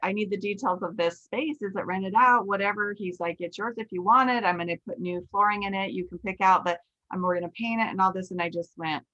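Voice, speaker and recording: The clip is lo-fi: a medium-pitched woman talking briskly. She is a nail instructor in her forties who hosts a podcast, and here she tells a story in a relaxed chat. She narrates openly and with energy, repeating her own thoughts aloud.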